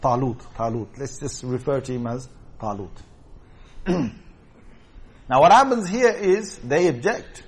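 A man's voice: mid-range voice, lively intonation, a little slow, pauses often, husky. A man teaching a scripture commentary lesson in an explanatory way, often checking in with his listeners. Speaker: religious teacher.

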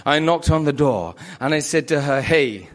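High-voiced man telling a lively story. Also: moderate pace. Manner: animated, acts out quoted voices, repeats phrases for emphasis. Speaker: speaker telling his conversion story. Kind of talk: storytelling religious talk.

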